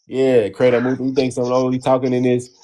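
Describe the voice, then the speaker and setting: A man's voice: medium pitch, completely flat delivery, quick pace, warm tone. A man talking as a guest in a casual debate chat, rambling with many fillers and restarts. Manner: rambling, hesitant, filler-heavy.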